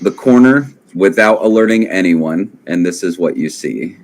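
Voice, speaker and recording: Low-voiced game master. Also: male voice, animated, moderate pace, slight background noise. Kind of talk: running a tabletop game.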